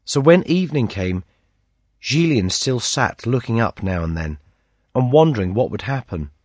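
A man narrating a story, reading in a measured, expressive way with a husky voice. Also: mid-range voice, no echo, clean studio sound.

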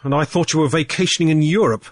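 A man reading a storybook, voicing a hard, dangerous male sea captain who talks gruffly and bluntly. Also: on the high side, fast talker, dry recording, clean studio sound, voice pushed up, natural voice. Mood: guarded, blunt. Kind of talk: audiobook character voice.

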